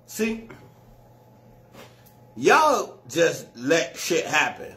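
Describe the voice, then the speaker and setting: A man doing stand-up comedy, telling a story loudly and with lots of slang and swearing, often laughing at his own jokes. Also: very high voice, animated, normal speed. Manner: profane and slangy.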